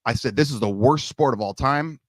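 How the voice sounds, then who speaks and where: A middle-aged man from Southern California, a guest telling animated stories in casual chat and acting out the people in them. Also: medium pitch, brisk, dry recording. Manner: animated storyteller, acts out quoted coaches. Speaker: guest, long snapping coach. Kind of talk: casual storytelling.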